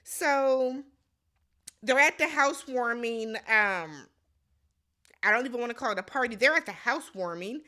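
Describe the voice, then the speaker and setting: A woman's voice: a little high, moderate pace, pauses often, bright, forceful tone. A woman giving a blunt, exasperated casual recap commentary, talking straight to the viewer. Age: adult. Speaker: recap vlogger.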